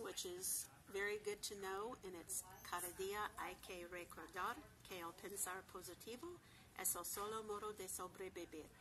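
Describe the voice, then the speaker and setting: A woman of ordinary pitch teaches a beginner Spanish class. She says each example slowly and goes over it again with care. The recording carries a clear layer of background noise. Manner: slow, careful repetition of example phrases. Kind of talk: beginner language lesson.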